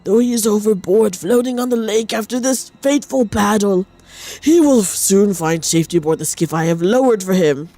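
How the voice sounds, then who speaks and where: A woman's voice: mid-range voice, fairly quick, mellow, no room sound, close to an everyday voice. A woman streamer voicing a grandiose old female ship captain, improvising a mock-solemn, archaic voice-over.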